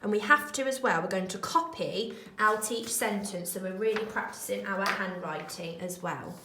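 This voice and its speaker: A woman primary school teacher talking young children through a remote lesson, slow, clear and encouraging. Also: mid-range voice, echoey room, noisy background.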